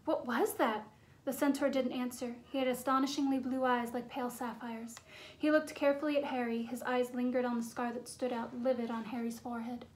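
A woman narrating a fantasy novel as an audiobook, in a measured, suspenseful storytelling manner. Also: fairly high pitch, level tone, darkish tone, slight background noise. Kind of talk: storybook reading.

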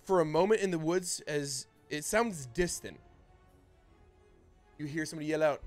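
A man running a tabletop role-playing game as dungeon master, narrating in a casual, halting way with frequent restarts. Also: on the high side, faint music behind. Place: home streaming setup.

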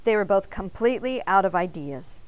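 Expressive woman reading a picture book aloud. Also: mid-range voice, moderate pace, clear, resonant tone. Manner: expressive storytelling. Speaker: teacher.

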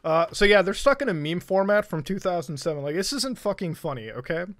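A man streaming live who rants in a high, sarcastic voice. He swears constantly, pushes every point hard, and keeps tacking "okay?" and "all right?" onto his sentences. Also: very animated, brisk, fairly bright tone. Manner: profane, emphatic, sarcastic. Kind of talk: casual live-stream rant.

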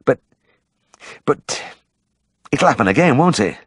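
A man's voice: mid-range voice, sing-song, measured pace, breathy edge, no echo, clean studio sound, pitched above the performer's own voice. A man voicing a worried grown man who fears his dog will die, in a strained, pleading way. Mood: anxious.

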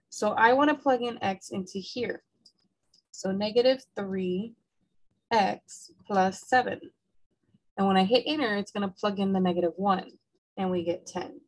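In a low-quality recording, a woman with a mid-range voice delivers a math lecture with the hiccups, patiently going step by step and checking in with "okay?"

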